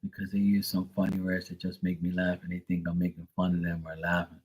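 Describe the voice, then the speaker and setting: A man's voice: sits low, completely flat delivery, quick pace, darkish tone, slightly rough. A man from Bermuda, chatting casually on his livestream and telling stories, swearing freely and imitating how his friends talk. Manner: storytelling, profane, mimics friends' slang. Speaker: live tarot reader and streamer.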